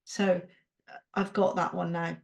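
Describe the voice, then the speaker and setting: A woman's voice: fairly low pitch, little pitch movement, unhurried, gravelly. A woman on a podcast, talking candidly and emotionally, swearing freely and laughing often. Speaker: podcast co-host, coaching client. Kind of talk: candid conversational podcast chat.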